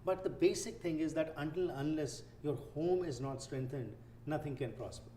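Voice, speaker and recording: A man hosting a talk show, asking long, formal questions with halting phrasing and frequent affirmations. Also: a little high, warm tone. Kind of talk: interview questions. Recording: echoey room with faint noise.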